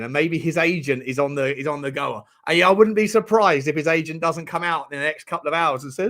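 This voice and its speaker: Guy rambling on a fan livestream, kinda high voice, jokey, bantering with chat. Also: fairly quick, few pauses, bright, forceful tone. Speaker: fan channel host. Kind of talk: casual live-stream chat.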